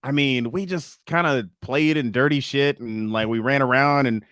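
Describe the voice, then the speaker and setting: Male co-host, mid pitch, relaxed rambling delivery with casual profanity, dry sound. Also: normal speed, clean tone, no room sound. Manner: relaxed, rambling, swears freely. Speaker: podcast co-host. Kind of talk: casual chat.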